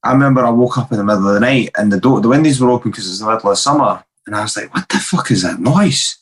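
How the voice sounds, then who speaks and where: A young Scottish man tells rough stories on a podcast, laughing often and swearing at every turn. His voice sits in an ordinary middle register. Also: mid-range voice, very fast. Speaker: guest, professional MMA fighter. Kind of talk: casual podcast chat.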